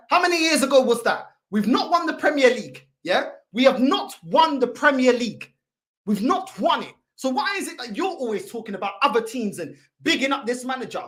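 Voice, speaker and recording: Shouting, high-pitched woman ranting. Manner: shouting, exasperated, swearing, slangy. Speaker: fan channel host reacting to videos. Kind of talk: heated reaction rant.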